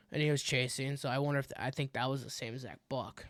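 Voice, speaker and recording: Gravelly young man telling hunting stories. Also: medium pitch, fast talker, no echo. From Wisconsin. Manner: animated storyteller, acts out his own reactions. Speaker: podcast co-host. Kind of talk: casual hunting story chat.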